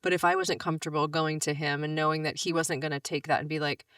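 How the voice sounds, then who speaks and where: A woman's voice: low voice, little pitch movement, fast, a bit bright, dry recording. Woman, podcast guest, open storyteller; distant mic, dry room. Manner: candid, storytelling with acted-out quotes. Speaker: podcast guest, coach for women. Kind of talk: casual conversation.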